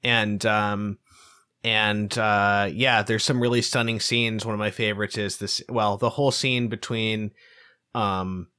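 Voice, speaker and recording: A man's voice: fairly low pitch, flat delivery, a little slow, bright, forceful tone, smooth. A man co-hosting a podcast, chatting casually about a film, rambling with lots of "like" and "um". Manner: rambling, loose, many "like" and "um" fillers. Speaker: podcast co-host.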